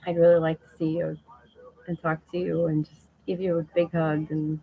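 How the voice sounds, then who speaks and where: A woman's voice: deep voice, level tone, moderate pace, gravelly, phone-quality sound, crowd noise. A middle-aged woman chatting casually and emotionally on a live stream to her viewers, laughing often.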